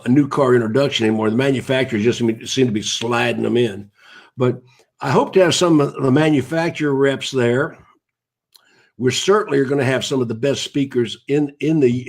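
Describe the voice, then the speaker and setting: A man's voice: medium pitch, animated, a little fast, gravelly, breathy edge. A man, hosting a live broadcast in a casual, rambling way and greeting viewers by name as he goes.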